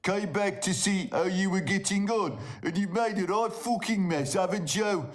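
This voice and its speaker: Man doing alien, exasperated, sweary, slang, raised pitch, telling off. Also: moderate pace, close to an everyday voice. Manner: grumbling telling-off, British slang.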